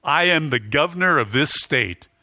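A famished male politician, polite and pleading as he asks for another helping. A preacher acts him out with a bright, higher voice, recorded close and dry. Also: animated, moderate pace, no room sound, exaggerated voice.

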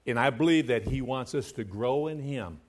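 A man preaching a sermon as pastor to his church, swinging between hushed, quiet stretches and loud, fervent passages, and chanting scripture in a sing-song cadence. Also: medium pitch, moderate pace.

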